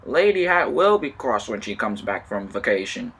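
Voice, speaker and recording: A man voicing a pompous, booming railway boss in a toy train story. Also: big pitch swings, normal speed, gravelly, fairly bright tone, slightly rough, full character voice. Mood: dismayed.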